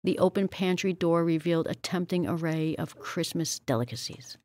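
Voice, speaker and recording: Low-voiced woman reading a storybook. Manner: steady, measured narration. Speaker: audiobook reader.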